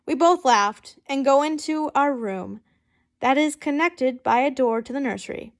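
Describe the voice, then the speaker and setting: A high-pitched young woman in her twenties reading fanfiction aloud. She reads the story in a casual way, stumbling and restarting, and breaks off often for giggly, chatty asides with loose swearing. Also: lively intonation, unhurried. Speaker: fanfiction reader and YouTuber.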